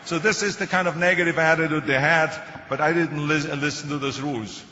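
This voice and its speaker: An older man with a German accent speaks to a crowd in a large hall. His voice is fairly high, bright and forceful, and he keeps a joking, anecdotal tone. The sound is dull and rings with long hall reverb. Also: steady tone, fairly quick, slight background noise. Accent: German-accented English. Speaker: motivational speaker. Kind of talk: public speech.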